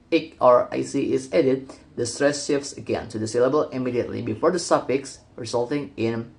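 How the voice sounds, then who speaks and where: A young man, a student, reads a prepared class presentation from a script at a steady pace, with the odd restart. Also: mid-range voice.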